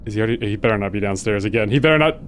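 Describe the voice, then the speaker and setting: Jumpy and very fast-talking, a man narrates his horror game playthrough for a video, letting out yelps and laughs at each scare before dropping to quiet mutters. Faint game music and slight background noise can be heard.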